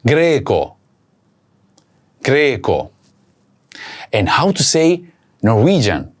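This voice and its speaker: Slow, careful male language teacher. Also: mid-range voice, wildly swooping pitch. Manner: slow, careful, repeats each word for practice. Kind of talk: recorded video language lesson.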